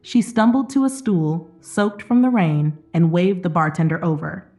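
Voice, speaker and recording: A woman narrating an emotional story in a steady, dramatic scripted reading. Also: on the low side, moderate pace, faint music behind.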